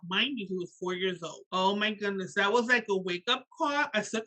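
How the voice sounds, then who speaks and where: A woman's voice: medium pitch, normal speed, few pauses, low-quality recording. A middle-aged woman from Puerto Rico with a Puerto Rican accent, talking in a casual interview and often saying "you know". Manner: animated, lots of "you know" fillers. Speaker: guest author and educator.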